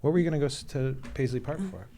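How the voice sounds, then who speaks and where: A man's voice: medium pitch, rapid-fire, warm tone, slight background noise. A man hosting an interview, thinking aloud and asking follow-up questions. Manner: thoughtful, searching for words, asks follow-up questions. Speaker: podcast host. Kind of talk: conversational interview.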